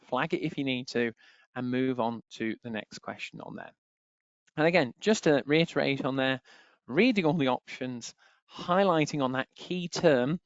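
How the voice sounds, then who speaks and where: A man's voice: a little high, no room sound. Chatty male tutor on a dull webinar line. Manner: chatty, repeats filler phrase "on there". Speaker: exam tutor. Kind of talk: webinar teaching. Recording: dry, slightly dull webinar audio.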